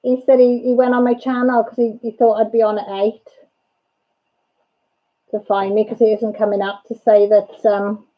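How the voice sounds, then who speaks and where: A woman's voice: on the high side, little pitch movement, moderate pace. Chatty woman hosting a lo-fi livestream. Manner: chatty, greets and answers viewers' comments by name while talking to family off-camera. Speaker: livestream host and mother. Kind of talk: casual livestream chat. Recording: dull lo-fi audio.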